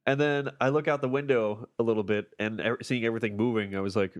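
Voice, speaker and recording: A man's voice: medium pitch, quick pace, hardly any pauses. A man in casual podcast chat, retelling a wild night at his own expense. He laughs often and keeps a loose, self-mocking tone.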